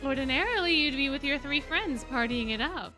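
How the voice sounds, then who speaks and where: A woman's voice: high voice, lively intonation, fairly quick, music in the background. A woman reading game dialogue as a mischievous, ancient male fae who teases with old-fashioned phrasing and giggles. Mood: teasing.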